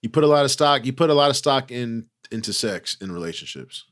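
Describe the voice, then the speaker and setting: A man co-hosting a podcast, joking and chiming in with quick remarks. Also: medium pitch, expressive, a bit bright. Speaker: podcast co-host. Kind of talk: casual chat.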